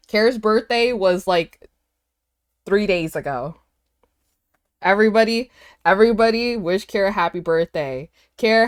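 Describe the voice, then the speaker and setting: A woman in her twenties streaming from home, chatting casually and excitedly with her viewers, with lots of "like" fillers. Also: mid-range voice.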